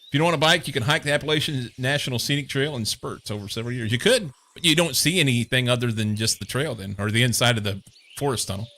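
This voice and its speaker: A young man from Missouri streams a game while chatting casually, his medium-pitched voice fast, pushed and bright. He rambles and meanders, using lots of fillers.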